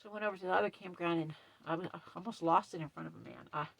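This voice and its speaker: A middle-aged woman talks to her phone camera from a dark trailer, worked up after a quarrel. Her voice sits a little low, with a gravelly, slightly husky edge. She speaks emphatically and sternly. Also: very fast, no echo. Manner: upset, emphatic, retells quarrel with stern quoted lines. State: shaky and upset. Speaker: camp host. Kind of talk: casual vlog rant. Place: dark trailer at night with ring light.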